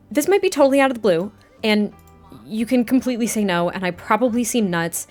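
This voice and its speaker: A woman's voice: medium pitch, natural voice. A woman voicing a flustered young mother in a life-sim game, rambling and apologetic. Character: flustered young single mom student, nervous.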